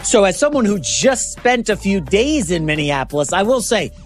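A male co-host on a sports talk show, easygoing and conversational as he lines up the next topic. His voice is high and animated. Faint music runs behind him. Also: normal speed. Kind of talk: casual sports chat.

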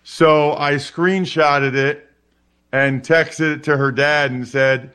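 A man's voice: on the high side, fairly even intonation, takes it slowly, a bit bright, clear, resonant tone. A man in his forties from Pennsylvania, a former football player telling rambling anecdotes in a casual interview, often restarting and repeating words. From Wyomissing, Pennsylvania, USA. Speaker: guest, former NFL player.

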